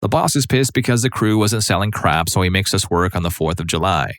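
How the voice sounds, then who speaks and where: A man's voice: sits low, lively intonation, a little fast, fairly bright tone, no echo. A man narrating online stories in a conversational, wry storytelling manner.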